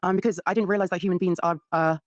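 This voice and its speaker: Brash woman on a panel, talks super fast, kinda muffled lo-fi call sound. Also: on the low side, steady tone, no room sound. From born in Jamaica, raised in the UK. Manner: brash, provocative, talks over others. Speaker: panel guest. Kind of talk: heated casual panel debate.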